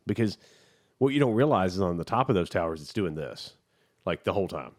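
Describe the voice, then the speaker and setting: A man's voice: deep voice, animated, a little fast, darkish tone. A man co-hosting a podcast, retelling a movie in rambling casual chat with many restarts. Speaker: podcast co-host.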